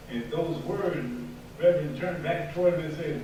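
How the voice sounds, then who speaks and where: A man telling a parable to mourners at a memorial service, in a slow, dramatic storytelling manner. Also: a little high, fairly even intonation. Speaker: eulogy speaker. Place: funeral hall. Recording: distant, very echoey hall with noise.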